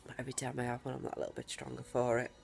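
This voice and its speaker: Gravelly-voiced woman speaking defiantly. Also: a bass voice, completely flat delivery, a little mellow, a little hiss or hum. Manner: emphatic and defiant, with deliberate pauses. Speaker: vlogger. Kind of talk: personal video diary.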